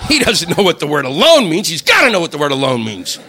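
A man doing a stand-up routine, animated and profane, shouting out the voices he quotes. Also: a little high, a little fast, few pauses, noisy background. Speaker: stand-up comedian.

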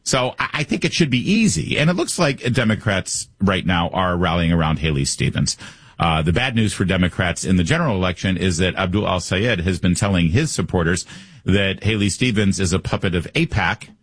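A man's voice: low-pitched, animated, a little fast, breathy edge, dry recording. A man hosting a political talk show, giving opinionated commentary in a conversational way and reading ads. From Michigan. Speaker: radio talk show host.

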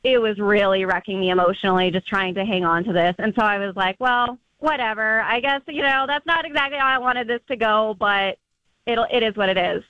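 A woman's voice: mid-range voice, a little fast, fairly bright tone, dry recording, highs cut off. A young adult woman calling in to a radio show, telling a personal story in a casual, chatty way with many fillers and acted-out quotes. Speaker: caller.

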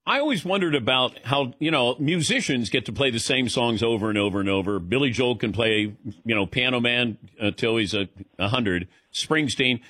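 A man interviewing a guest in a casual chat, playful and quick to laugh. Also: medium pitch, expressive, bright, forceful tone, no echo, studio quality.

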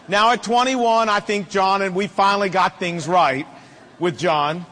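A middle-aged man preaching a sermon on fatherhood, emphatic and repetitive, slowing down to drive his points home. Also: high-pitched, fairly even intonation, sharp tone, slight background noise. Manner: emphatic, repetitive, slows for punchlines. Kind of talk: sermon to men. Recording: long hall reverb.

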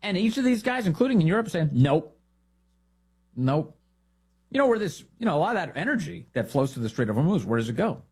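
A man hosting a political talk show, giving sarcastic, animated commentary. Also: high voice, very fast, hardly any pauses, husky. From United States. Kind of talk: opinionated commentary.

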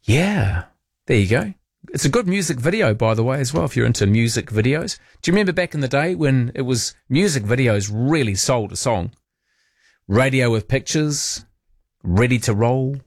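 An expressive man with a mid-range voice talks at a normal speed, reading listener messages and rambling on a late-night radio show. The casual chat comes from a studio, recorded dry through a studio microphone.

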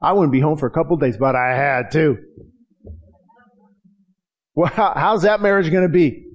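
A man's voice: a little high, moderate pace, muffled recording. A middle-aged man preaching a passionate sermon as pastor, acting out prayers and quotes and often restarting his sentences.

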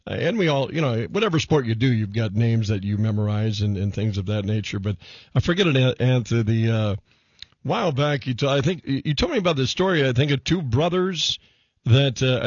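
A radio host drifts through a casual conversation, halting and quick to laugh. His voice is husky, the sound dry and a little dull. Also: mid-range voice, animated, no room sound. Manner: loose, halting, laughs easily. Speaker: radio talk show host.

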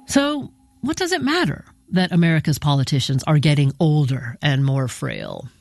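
A woman hosting a radio program, narrating a scripted news segment in a measured, deliberate way. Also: low voice, very animated, noisy background. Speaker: radio host. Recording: music bed behind voice.

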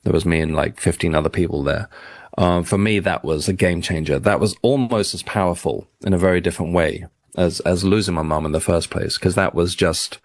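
Low-voiced reflective man. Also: brisk, dry recording, studio quality. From United Kingdom. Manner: rambling, reflective, many restarts and fillers. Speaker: podcast guest. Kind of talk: casual interview talk.

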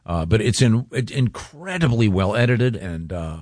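A man's voice: fairly low pitch, sing-song, moderate pace, a little mellow, no room sound, clean studio sound. A man hosting a talk show, teasing his co-hosts and plugging a guest's comedy special in casual banter. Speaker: radio show host.

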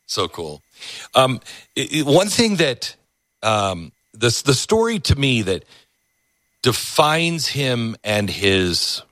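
A man hosting a talk show, animated as he tells a story and quick to agree with his guest. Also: fairly low pitch, dry recording. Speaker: radio talk host. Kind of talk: casual interview chat.

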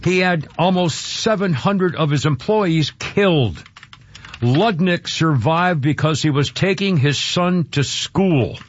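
A man's voice: a little high, expressive, takes it slowly, muffled recording, slight background noise. A man hosting a talk radio show, emotional and rambling, often choked up and restarting his sentences.

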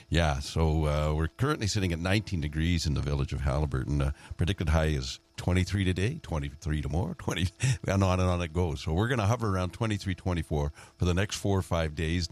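A man's voice: rumbling low, a little mellow. A man hosting a morning radio show, chatty and joking, often laughing at himself. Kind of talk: casual radio chat.

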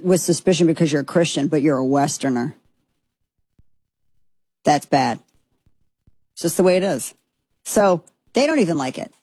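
A woman's voice: lowish voice, darkish tone, dry recording. A woman giving blunt, heated commentary, recounting a trip in a casual way. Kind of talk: opinionated commentary.

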